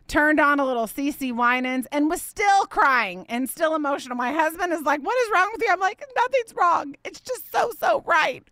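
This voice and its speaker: A middle-aged woman hosts a faith podcast, gushing and emotional, often restarting her sentences. Her voice is bright and crisp, a little higher than most. The sound is dry and close. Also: no room sound. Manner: emotional, effusive, with many restarts. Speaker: podcast host and ministry leader.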